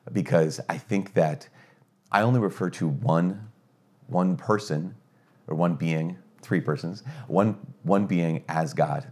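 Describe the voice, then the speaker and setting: Low-voiced priest teaching earnestly. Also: male voice. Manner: earnest, energetic, many restarts and rhetorical questions. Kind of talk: conversational catechetical teaching.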